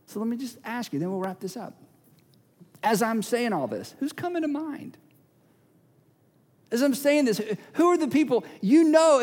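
A high-pitched man preaches in a large church hall, and his words ring out with a long reverb. He drives his points home by repeating key phrases. Now and then he slips into small acted-out scenes. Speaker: pastor. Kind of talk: sermon.

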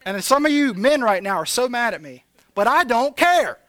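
A high-pitched man delivers a casual sermon, his voice sharp and bright. He shifts between playful, animated asides and earnest confession to the people listening. The sound is dry and close. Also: normal speed, no echo. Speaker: pastor. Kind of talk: conversational sermon.

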